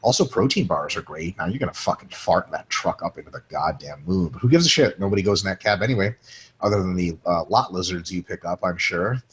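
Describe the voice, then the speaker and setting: A man's voice: low-pitched, animated, a little fast. A man co-hosting a casual podcast, joking and swearing freely while reading listener questions aloud and answering them. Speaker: podcast co-host.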